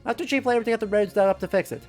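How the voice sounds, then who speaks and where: A streamer reading a game aloud and voicing a blunt, impatient working-class male juror, loud and gruff. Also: mid-range voice, rapid-fire, faint music behind, close to an everyday voice. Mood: aggrieved.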